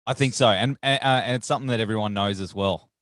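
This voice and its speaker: A man's voice: on the low side, fast talker, fairly bright tone, no room sound, studio quality. Laid-back male host, morning voice. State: rough morning voice. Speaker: podcast host. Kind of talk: casual interview chat.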